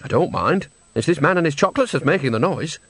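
A man's voice: a little high, animated, fast, fairly bright tone, breathy edge, no room sound, pitched above the performer's own voice. This is a stern old witch, proud and short with people. She speaks curtly, with a stiff and formal politeness, as a man reading the story does her. The voice is close and dry.

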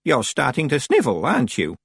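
A man voicing a very old, sharp-tongued female witch who talks in a brisk, commanding way. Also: medium pitch, huge pitch swings, gravelly, breathy edge, no echo, studio quality, voice pushed up, full character voice. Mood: dry.

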